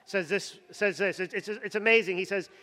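A man's voice: sits high, steady tone, normal speed, bright, forceful tone. A man preaching a sermon with emphasis, often repeating words as he builds up. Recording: long hall reverb.

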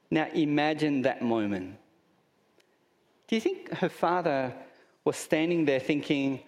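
Slow-preaching Australian pastor, man. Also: fairly high pitch, long reverb tail. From Sydney, Australia. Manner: conversational preaching with rhetorical questions and humorous asides. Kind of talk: sermon.

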